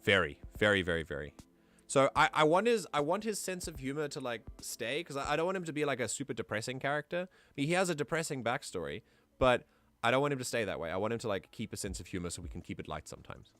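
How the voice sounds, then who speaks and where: A man's voice: mid-range voice, sing-song, fast, fairly bright tone. A man streaming, chatting casually and thinking aloud as he plans out a game character. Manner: musing aloud, easygoing. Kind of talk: casual livestream chat.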